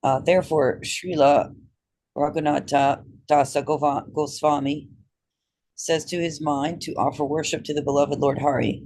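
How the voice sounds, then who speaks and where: A man who is losing his voice reads a commentary aloud in a class, halting and stumbling over unfamiliar names. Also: fairly high pitch, little pitch movement, darkish tone, poor audio. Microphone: video call.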